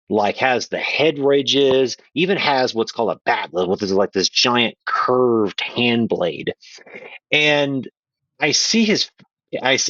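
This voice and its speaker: Animated man telling a story. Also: mid-range voice, no room sound, muffled recording. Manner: animated, playful anecdote-telling. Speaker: podcast guest. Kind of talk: casual storytelling.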